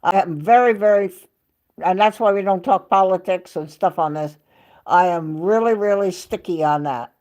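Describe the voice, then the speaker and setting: A woman's voice: on the low side, moderate pace, darkish tone. An older woman hosting a casual live chat from home, rambling and dropping in bits of Spanish and French. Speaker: livestream host.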